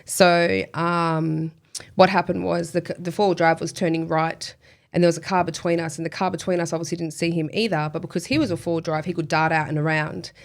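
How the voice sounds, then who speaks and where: Woman, lowish voice, creaky fry, chatty storytelling, many ums. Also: fairly even intonation, fairly quick. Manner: chatty, many fillers, self-deprecating laughs. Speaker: guest. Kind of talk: casual interview storytelling.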